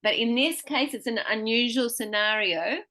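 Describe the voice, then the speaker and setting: A woman with a bright, forward voice runs a one-on-one pronunciation lesson. She stretches out example words slowly and clearly so her student can copy them, then goes back to explaining at an easy, patient pace. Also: on the high side. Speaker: pronunciation teacher.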